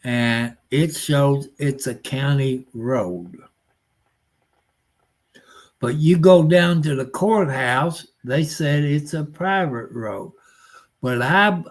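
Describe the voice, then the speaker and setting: Slow-talking folksy older man. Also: a little high. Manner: folksy, rambling, grumbling, with rural nonstandard grammar. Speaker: livestream host. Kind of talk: rambling casual live-stream chat.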